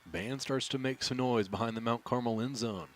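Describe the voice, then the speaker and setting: A man calling high school football play-by-play, steady and picking up speed on big plays. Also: moderate pace, a little hiss or hum. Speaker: play-by-play announcer. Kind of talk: play-by-play commentary.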